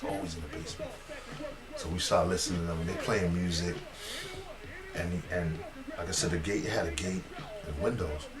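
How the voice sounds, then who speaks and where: A man's voice: low voice, roomy sound. A man telling a funny neighborhood story in casual style, laughing and acting out voices. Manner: animated, laughs at own story, acts out voices.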